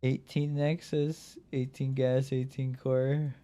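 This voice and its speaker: A man's voice: medium pitch, level tone, takes it slowly, dark tone. Frustrated cursing gaming streamer man. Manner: frustrated, swearing, explaining strategy to chat. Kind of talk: casual livestream talk over gameplay.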